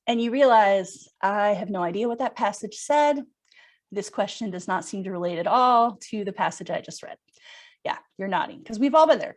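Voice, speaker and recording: A young woman teaching a yoga breathing workshop over a video call, chatty and upbeat, laughing often and acting out an anxious inner voice. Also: medium pitch. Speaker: yoga instructor. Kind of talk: live online workshop talk.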